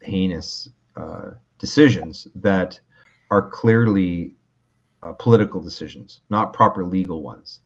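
A man from Canada with a very low voice talks law in a calm, measured way, often restarting his sentences as he builds an explanation. The audio sounds a little dull and lo-fi, like a remote connection. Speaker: lawyer guest. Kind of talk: casual interview talk.

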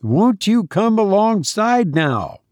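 A man's voice: high voice, big pitch swings, slow, a little mellow, dry recording, pitched above the performer's own voice, heavily acted. A man reading an audiobook, voicing a kind, plainspoken sailor who talks earnestly and directly.

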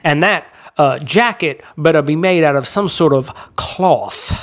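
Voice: medium pitch, measured pace. Chatty podcast co-host discussing a movie. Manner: chatty, digressive storytelling.

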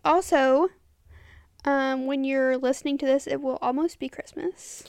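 High-voiced woman chatting with halting pauses. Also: steady tone, creaky, no echo, studio quality. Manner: halting, searches for words with many fillers. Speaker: podcast co-host. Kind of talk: casual chat.

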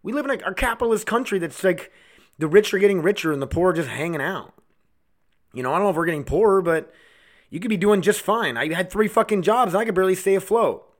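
A man hosting a solo podcast, ranting angrily with constant swearing, swinging between shouted outbursts and low mutters. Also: animated, fast. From United States. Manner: angry, swearing constantly, heated. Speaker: podcast host.

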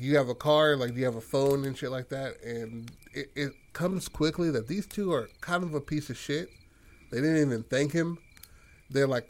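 A man casually telling a rambling horror story idea to a friend, full of fillers and swearing. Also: mid-range voice. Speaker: podcast co-host pitching a horror story.

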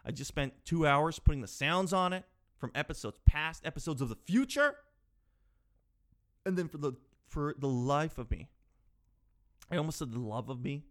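A man's voice: on the high side, lively intonation, normal speed, long pauses, a bit bright. Rambling thirty-year-old man hosting a podcast. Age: 30s. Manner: rambling, self-mocking and exasperated. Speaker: podcast host. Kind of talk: solo podcast monologue. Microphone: podcast microphone.

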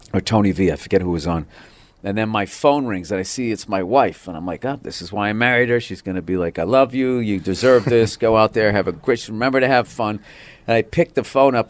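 A man in his forties from the area, telling stories in casual podcast chat as a comedian guest, animated and profane. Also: lowish voice. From Boston area. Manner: animated storytelling with put-on voices and profanity.

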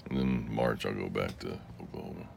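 A man hosting a solo podcast in a rambling, confessional way. He swings between low murmurs and sarcastic outbursts, and he answers listener comments. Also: brisk, gravelly, a little mellow, slight background noise. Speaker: podcast host.

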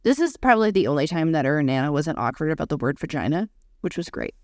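A woman in her thirties co-hosting a podcast, telling a frank story in casual chat. Her pitch swings widely as she talks and she swears without a second thought. The sound is close and dry. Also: sing-song, fast talker, darkish tone, dry recording. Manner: candid, swears freely, acts out voices in anecdotes. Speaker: podcast co-host.

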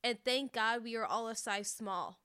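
A woman co-hosts a casual podcast with a bright, smooth voice. She jokes and teases in easy banter. The sound is dry and close. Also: a little high, normal speed, no echo. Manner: joking, playful teasing. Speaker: podcast co-host. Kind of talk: casual chat.

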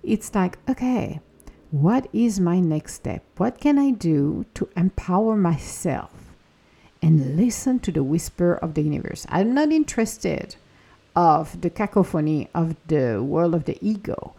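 A woman's voice: on the low side, expressive, unhurried, gravelly, warm tone, husky. A woman hosting a spiritual podcast, talking in an earnest, encouraging way about trusting the universe, sometimes acting out anxious inner voices. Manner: earnest, encouraging, slips into acted inner-voice quotes. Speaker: podcast host. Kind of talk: reflective spiritual podcast talk.

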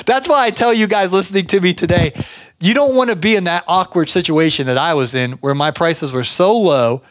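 A man's voice: sits high, dry recording, studio quality. A middle-aged man, hosting a podcast and giving casual business advice in a rambling, chatty way with many restarts. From Georgia, US. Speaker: podcast host.

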